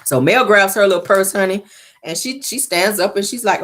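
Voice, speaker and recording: A woman hosting a casual reality show recap, sassy and animated, acting out the cast's lines in different voices. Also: mid-range voice, normal speed.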